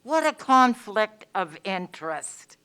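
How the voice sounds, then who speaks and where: Angry woman commenter, emphatic, slow delivery, clear voice. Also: mid-range voice, very animated, a bit bright. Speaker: public commenter. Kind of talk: public comment at a county meeting.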